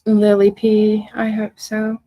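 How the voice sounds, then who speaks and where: A woman's voice: mid-range voice, completely flat delivery, slow pace, dark tone, no room sound, rough recording. A woman hosting a livestream who reads out viewers' comments and answers them with emotion and confrontation. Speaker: livestream host. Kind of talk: casual livestream chat reading viewer comments.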